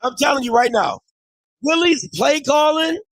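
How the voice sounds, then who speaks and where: A man's voice: extremely high pitch, lively intonation, normal speed, fairly bright tone, dry recording. A man hosting a live watch party, reacting heatedly to a football game and arguing with his chat. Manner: heated, ranting, swears, mocks chat.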